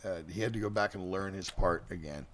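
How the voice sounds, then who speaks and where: A middle-aged man hosting a podcast, telling band stories in a halting, casual way with lots of fillers and restarts. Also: sits low, fairly bright tone. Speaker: podcast host and band singer. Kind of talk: casual rambling storytelling.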